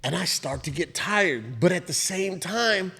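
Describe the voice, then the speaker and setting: A man with a high, gravelly voice tells a story on a casual podcast. His pitch swings all over the place as he breaks into laughs and curses freely. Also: measured pace, faint music behind. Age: adult with a father-in-law and kids. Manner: animated, profane storytelling with bursts of laughter. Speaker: podcast co-host.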